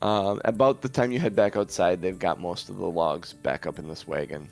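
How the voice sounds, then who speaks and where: A man narrating a tabletop game as game master, halting, with many pauses and restarts. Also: deep voice, creaky, a little mellow, faint music behind.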